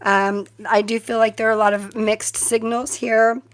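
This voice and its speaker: A woman's voice: fairly high pitch, level tone, normal speed. Chatty, giggly middle-aged woman reading tarot. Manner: chatty, giggly, easily distracted. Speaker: tarot reader hosting a live stream. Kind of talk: casual live-stream tarot reading.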